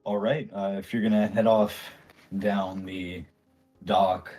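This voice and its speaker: A man's voice: on the low side, little pitch movement, takes it slowly, mellow, soft background music. A man narrating as game master in a loose, laid-back way. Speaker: dungeon master.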